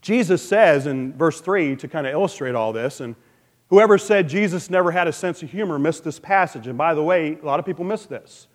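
Male pastor, fairly high voice, playful animated preaching, long hall reverb. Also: brisk. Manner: animated, playful asides with sound effects. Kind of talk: sermon.

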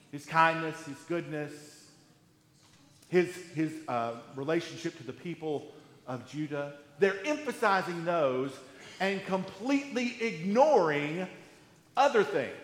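Male pastor, high-pitched, emphatic sermon delivery, roomy reverberant church sound. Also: fairly bright tone. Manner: emphatic, repetitive preaching with sarcastic quoted voices. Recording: echoey hall.

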